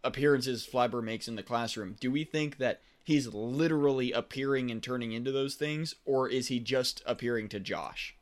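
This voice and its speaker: Podcast guy, average pitch, lots of um and like, kinda unsure. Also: normal speed, hardly any pauses. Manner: hesitant, filler-heavy. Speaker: podcast co-host. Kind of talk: casual chat recapping a TV show.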